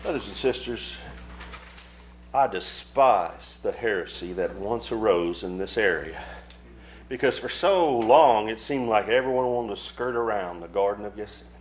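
Fervent male preacher with loud surges. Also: on the low side, animated, moderate pace, slight background noise. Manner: reads scripture aloud in old-fashioned phrasing. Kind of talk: sermon.

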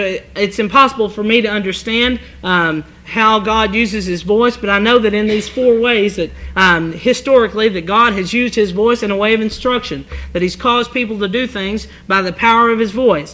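A man preaching a sermon, reading scripture aloud in old-fashioned English and then explaining it in an earnest, halting way with many restarts. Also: high-pitched, sharp tone, poor audio.

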